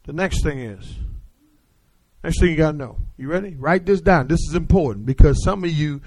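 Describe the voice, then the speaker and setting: A man preaching a sermon in call-and-response style, swinging from shouted declarations to hushed, confiding asides. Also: a little high, moderate pace, no room sound, poor audio.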